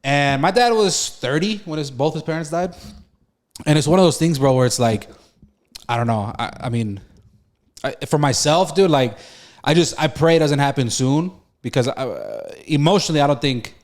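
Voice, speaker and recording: A man's voice: fairly high pitch, moderate pace. A young man co-hosting a podcast, talking casually and emotionally, with restarts and slang. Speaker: podcast co-host. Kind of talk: casual chat.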